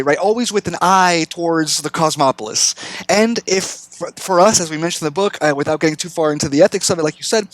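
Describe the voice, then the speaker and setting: A man talks quickly and earnestly as a podcast guest, pressing his argument and inviting others to show him where he is wrong. His voice sits high, and the recording is dry, with no room sound. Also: no echo, poor audio. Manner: earnest, argumentative, pleading for reasons. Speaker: guest author. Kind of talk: casual podcast discussion.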